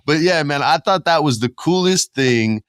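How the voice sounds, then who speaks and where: A man's voice: a little high, a bit bright, dry recording, clean studio sound. A man hosting a casual podcast chat, telling stories animatedly and acting out quotes and sound effects. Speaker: podcast host.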